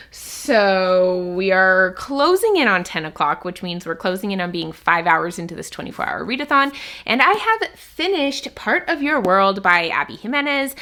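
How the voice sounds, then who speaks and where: A woman book vlogger chatting casually to her viewers, excitable and nervous, with quick giggles. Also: on the high side. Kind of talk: casual vlog chat to camera.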